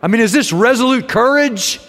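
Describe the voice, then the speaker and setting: A man's voice: very high voice, lively intonation, normal speed, fairly bright tone, in a large hall. A man preaching a sermon in a conversational way, with wry asides to his congregation. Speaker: pastor.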